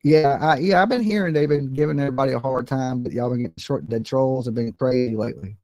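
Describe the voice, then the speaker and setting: A man hosting a casual call-in stream, talking bluntly in slang and cursing, jumping from high exclaims to low mutters. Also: quick pace, a little mellow, no echo. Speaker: livestream host. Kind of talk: casual call-in chat and commentary.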